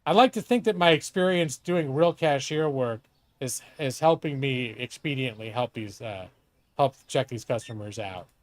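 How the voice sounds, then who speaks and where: A middle-aged man at medium pitch and moderate pace narrates his live game stream, and the audio has no echo. He keeps it casual and full of cursing, muttering to himself and throwing asides to his co-host.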